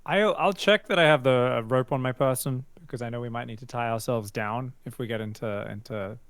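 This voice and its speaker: A man's voice: medium pitch, a little fast, fairly bright tone, clear, resonant tone, no room sound. A man playing a tabletop game, talking casually through his character's plans. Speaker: player. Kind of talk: casual tabletop role-play.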